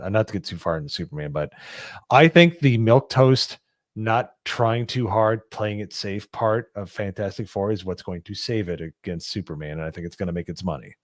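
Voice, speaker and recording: A man's voice: low-pitched, dry recording, clean studio sound. A man giving blunt, opinionated takes as a guest in a casual podcast chat.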